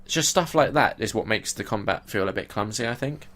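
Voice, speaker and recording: A young man chats as a podcast co-host, blunt and animated and swearing freely. His voice sits slightly low. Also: fairly quick. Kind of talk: casual chat.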